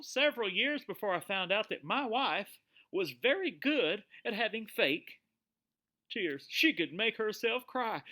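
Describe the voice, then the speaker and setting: A male pastor with a high, bright and forceful voice gives a folksy sermon. He tells personal stories full of "you know" and keeps asking his listeners questions. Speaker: pastor of a small church. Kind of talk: conversational live-streamed sermon.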